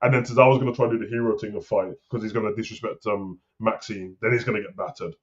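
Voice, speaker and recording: A man co-hosting a wrestling talk show, rambling and animated in casual slang. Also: fairly low pitch, fast. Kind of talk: casual chat. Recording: slightly dull lo-fi sound.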